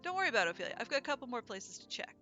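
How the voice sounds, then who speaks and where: A friendly young man talks in a casual, easygoing way, read by a woman. The voice is bright and fairly high. Light music hums behind. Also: sing-song, very fast.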